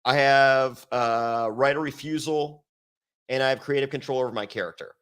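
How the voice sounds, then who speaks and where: A man from Virginia telling stories as an interview guest, swearing a lot and acting out quoted lines in a raised, excited voice. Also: mid-range voice, moderate pace, smooth. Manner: animated, acts out quotes in raised voice, heavy swearing. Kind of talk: casual storytelling with profanity.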